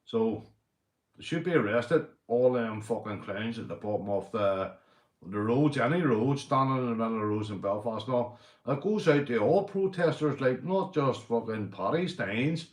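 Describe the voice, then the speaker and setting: A Northern Irish man rants on a livestream, blunt and full of swearing, with a mid-pitched voice. The sound bounces around an echoey room. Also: lively intonation, normal speed. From Northern Ireland. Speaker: livestream host. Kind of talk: casual livestream rant.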